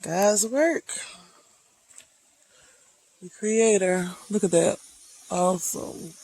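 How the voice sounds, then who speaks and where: A hiking vlogger, speaking slowly and reflectively, encouraging viewers while out on a wooded trail near waterfalls. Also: medium pitch, darkish tone, rough recording. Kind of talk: motivational outdoor vlog.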